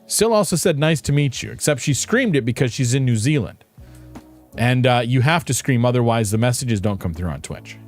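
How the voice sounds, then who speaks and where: A man's voice: medium pitch, animated, normal speed, soft background music. A man streaming a game, chatting casually with viewers in a playful, rambling, self-mocking way. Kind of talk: casual live-stream chat.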